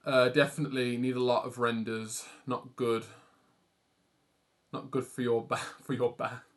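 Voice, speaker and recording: A man's voice: mid-range voice, little pitch movement, a little slow. A young man with an English accent, chatting casually and rambling on a livestream while he draws, self-deprecating and swearing now and then. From England. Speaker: art streamer.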